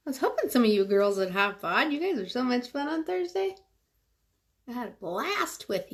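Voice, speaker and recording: A woman's voice: on the high side, sing-song, moderate pace. A woman from California chatting casually through a livestream while she does her makeup, rambling with lots of fillers.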